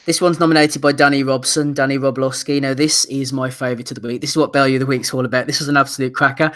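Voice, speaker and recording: A man's voice: medium pitch, little pitch movement, quick pace, fairly bright tone. A British man co-hosting a casual boxing podcast, reading out listener nominations and laughing readily. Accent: British English. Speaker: podcast co-host.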